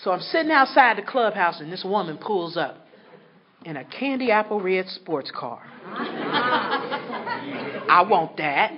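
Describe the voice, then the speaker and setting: A woman sharing her story with an audience at a recovery meeting, animated and laughing as she talks. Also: mid-range voice, moderate pace, background noise. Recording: dull recording with a crowd behind.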